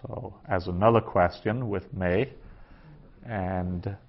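A man teaching a class, working through a translation aloud in a halting way with many fillers. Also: deep voice. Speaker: Greek teacher. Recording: dull lo-fi classroom recording.

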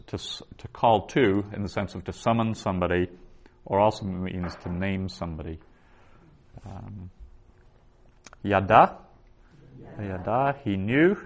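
A man teaching a Hebrew class, saying each vocabulary word twice and explaining it in a slow, deliberate lecture. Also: lowish voice.

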